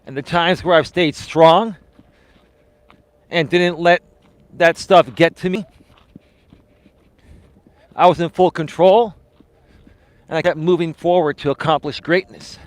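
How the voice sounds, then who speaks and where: A man hosts a live stream as a life coach, talking outdoors in an earnest, motivational way, calling his viewers "folks." His voice sits a little high for a man, and the sound is close and dry with no room echo. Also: fairly even intonation, slow, pauses often. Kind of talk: casual live-stream talk while walking. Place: outdoors, walking.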